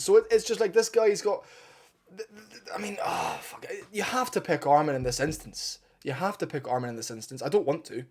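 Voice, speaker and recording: A man's voice: fairly high pitch, darkish tone. A man giving a casual, opinionated fight breakdown, blunt and partisan, swearing freely and getting fired up. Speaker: MMA fight analyst.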